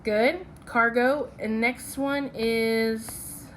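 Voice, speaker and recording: A woman's voice: on the high side, fairly even intonation, very slow, a little hiss or hum. A woman teaching a phonics lesson from slides. She is patient and checks in with "okay?" after each step.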